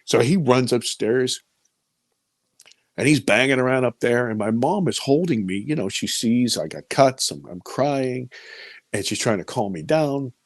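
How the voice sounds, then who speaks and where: A man's voice: mid-range voice, lively intonation, measured pace, dry recording, clean studio sound. A man in his fifties telling a vivid personal story as an interviewee, repeating words as he gets caught up in it. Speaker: interviewee recounting an encounter.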